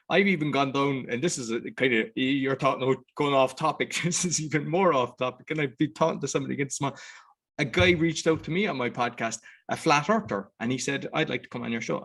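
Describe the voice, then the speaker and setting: Irish guy hosting a podcast, rambles on, acts out what people said, voice a bit high. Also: a bit bright. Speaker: podcast host. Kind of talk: casual conversation.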